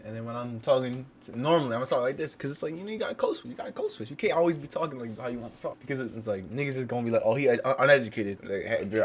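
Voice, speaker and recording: A man's voice: mid-range voice, a little hiss or hum. A man streaming a reaction to a video, casually joking, mocking and laughing at what he watches. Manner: joking, mocking, often laughing and trash-talking.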